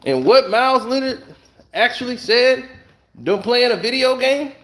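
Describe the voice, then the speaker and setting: High-pitched dude ranting from his house, mad and blunt, lots of "what more do you want" questions. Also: animated, moderate pace, a bit bright. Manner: angry, blunt, rhetorical questions. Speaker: online commentator. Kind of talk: heated solo commentary rant. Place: at home.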